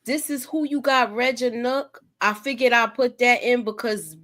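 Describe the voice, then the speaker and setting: A woman's voice: a little high, normal speed. A woman hosting a casual live-stream chat about a TV show, talking straight to her viewers and laughing often. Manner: animated, asks viewers to vote, laughs often. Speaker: show host.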